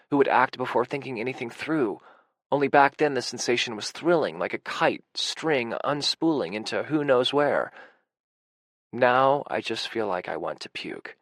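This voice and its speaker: A man's voice: mid-range voice, dry recording. A man reading a first-person audiobook in an intimate, emotional way, with anxious, racing passages. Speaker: audiobook narrator.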